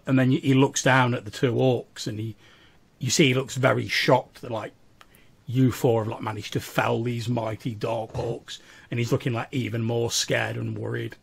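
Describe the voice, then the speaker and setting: A man's voice: mid-range voice, little pitch movement, normal speed, gravelly, husky. A man narrating a tabletop game as game master, in a casual, filler-heavy way.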